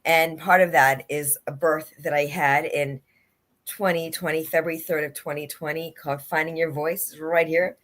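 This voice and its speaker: A woman's voice: low voice, fairly even intonation, moderate pace, a bit bright. A woman life coach speaking earnestly in a livestream interview over a video call, repeating her key phrases for emphasis. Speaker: guest, life and leadership coach. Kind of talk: livestream interview, motivational talk.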